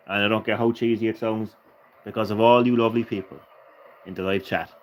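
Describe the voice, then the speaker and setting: A man's voice: fairly low pitch, a bit bright, a little hiss or hum, rough recording. A tired man commentating a live game stream, chatting with viewers, laughing often and swearing casually.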